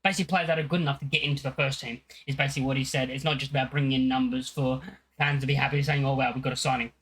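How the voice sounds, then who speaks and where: A man's voice: medium pitch, flat delivery, very fast, a bit bright, breathy edge, rough recording. A young man talking casually as a football fan channel host, rambling, with many fillers and restarts.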